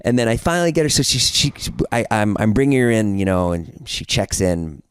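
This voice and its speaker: A man's voice: fairly low pitch, very animated, a little fast, clear, resonant tone, no room sound. A young man on a podcast telling a long story in casual chat, rambling with lots of fillers and restarts. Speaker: podcast guest.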